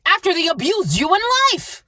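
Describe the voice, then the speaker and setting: Her voice is very high, very animated and sharp in tone, at a normal speed with no echo. This tarot reader curses constantly and hammers the same blunt points again and again in a furious reading.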